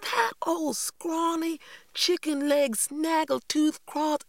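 A woman voicing a spirited, defiant young girl in an audiobook, indignant and quick to argue back. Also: medium pitch, expressive, no echo, studio quality, pitched above the performer's own voice, natural voice. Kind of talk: audiobook character voice.

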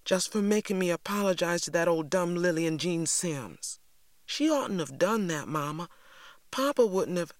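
A woman voicing a spirited, defiant young girl in an audiobook, indignant and quick to argue back. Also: on the low side, expressive, dry recording, studio quality, pitched above the performer's own voice, natural voice. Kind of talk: audiobook character voice.

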